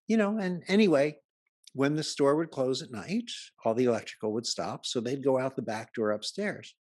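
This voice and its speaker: A man's voice: mid-range voice, animated, a little fast, darkish tone, no room sound, studio quality. A man giving a humorous talk to a live audience, telling chatty anecdotes and jokes and laughing at his own stories. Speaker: speaker presenting to a live audience. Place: live event before an audience.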